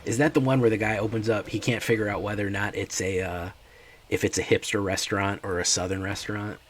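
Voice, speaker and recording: Low gravelly dude casually rambling to chat while he plays a card game, laid-back, a faint hiss behind. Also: little pitch movement, fast. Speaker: game streamer.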